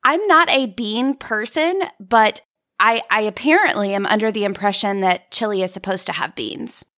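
A woman's voice: medium pitch, normal speed, sharp tone. A woman guesting on a podcast, making wry, playful quips in casual chat. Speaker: podcast guest, co-host of her own show.

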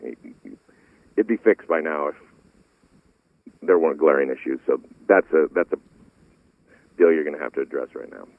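A gravelly, very deep-voiced football analyst talks through game film on sports radio at a moderate pace, leaving long pauses. He stays animated, restarting sentences and repeating words. The tinny, phone-like line carries no room sound.

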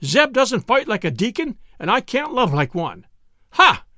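A man voicing a spirited, excitable young woman in an audiobook, with high, breathless exclamations. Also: moderate pace, no echo, studio quality, exaggerated voice. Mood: excited.

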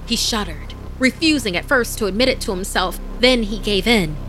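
A woman narrating a horror story podcast as its host, in a measured, dramatic storytelling voice. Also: mid-range voice, animated, fairly bright tone, slight background noise.

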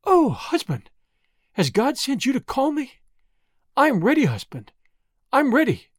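Marie, a grieving young Boer woman, soft and earnest, read by a man in a bright, close, dry audiobook voice. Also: very high voice, wildly swooping pitch, unhurried, dry recording, voice pushed up, full character voice. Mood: rapt whisper. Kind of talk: audiobook reading.

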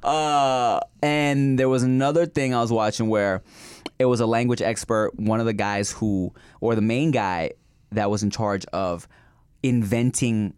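A relaxed man chatting casually, his speech loose and full of slang, now and then jumping up high with excitement or laughter. His voice sits at a middling pitch. The sound is dry and close, with no room around it. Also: a little slow, smooth, dry recording. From Thai family. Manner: laid-back, slangy, laughs often and breaks into excited bursts. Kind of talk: casual chat.

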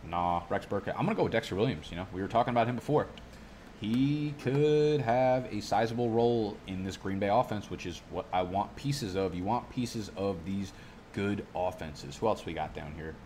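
A young man with a very low, deep voice chats through a fantasy draft in a loose, rambling way. He swears often and keeps drifting off on tangents. Faint background noise sits under the recording. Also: normal speed, darkish tone. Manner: rambling, profane, goes off on tangents. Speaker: fantasy football YouTuber. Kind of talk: casual vlog commentary while drafting.

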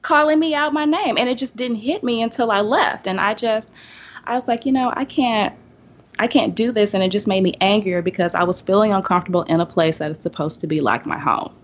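A woman from the Southern United States telling a personal story in a casual podcast roundtable. She acts out the people in her story with lively voices. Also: medium pitch, brisk, a little hiss or hum. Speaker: podcast panelist. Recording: dull lo-fi podcast audio.

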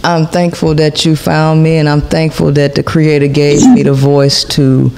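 Podcast host, woman, gravelly fry, consoling and gracious with callers. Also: sits low, level tone, moderate pace, a little mellow, rough recording. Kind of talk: casual podcast talk.

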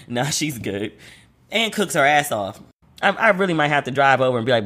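A man at a middle pitch hosting a casual solo podcast. He talks in a loose, slangy way and slips into quick voices whenever he quotes somebody. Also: big pitch swings, fairly bright tone. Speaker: podcast host.

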